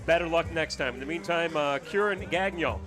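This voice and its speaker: A man's voice: on the high side, brisk, over music. A man giving color commentary at a baseball game, conversational and explaining the plays.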